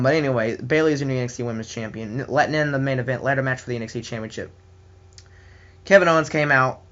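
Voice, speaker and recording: A man's voice: mid-range voice, fairly bright tone, highs cut off. A man with a Southern US accent giving a casual, enthusiastic solo wrestling review, rambling with many fillers and restarts.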